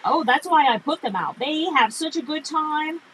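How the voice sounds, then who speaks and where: A woman co-hosting a casual livestream, making slow, dry teasing remarks. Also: high voice, fairly bright tone, slight background noise, poor audio.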